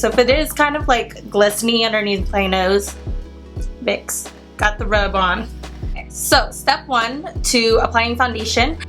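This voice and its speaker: A woman's voice: a little high, unhurried, fairly bright tone, soft background music. A young woman with a cold and a congested voice, chatting through a makeup tutorial and explaining each product step by step. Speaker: beauty vlogger. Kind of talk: makeup tutorial talk to camera.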